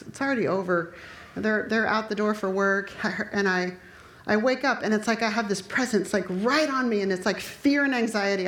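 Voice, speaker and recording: A middle-aged woman preacher giving an emphatic sermon and telling her own story, acting out what people said. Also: mid-range voice. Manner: emphatic, storytelling, acts out quoted speech. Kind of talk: sermon with personal testimony. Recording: echoey room.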